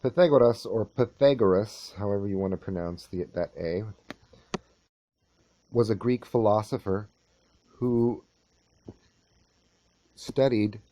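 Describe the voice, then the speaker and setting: Male teacher, slow and mellow, measured lecture with restarts. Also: fairly low pitch, fairly even intonation, slight background noise. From California. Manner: measured and unhurried, with halting restarts.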